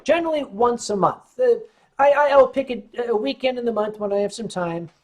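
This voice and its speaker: A man's voice: very high-pitched, brisk. Casting: tipsy male streamer, wry, rambling, reads chat aloud. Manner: wry, joking, rambling storyteller. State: tipsy from wine. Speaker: livestream host reading chat. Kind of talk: casual chat on a livestream.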